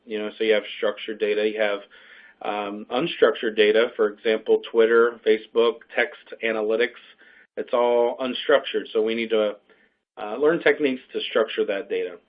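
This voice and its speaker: A man's voice: lowish voice, fairly even intonation, normal speed. A man explaining a business degree in an unscripted webinar talk, with frequent fillers and restarts. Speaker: program faculty speaker. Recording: tinny phone-like line.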